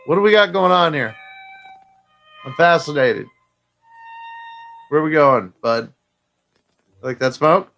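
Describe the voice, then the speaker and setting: A man's voice: fairly high pitch, fairly bright tone. A male host mocking a clip with teasing, ribbing banter. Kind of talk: mocking commentary over a clip.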